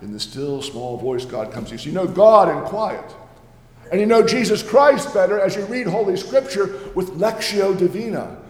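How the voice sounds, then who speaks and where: A man's voice: high voice, lively intonation, normal speed, a little mellow. An actor playing a jovial, ancient male Reformation preacher, giving an earnest, homely first-person sermon with playful asides in a church. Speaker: preacher in character. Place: church sanctuary. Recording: echoey church hall.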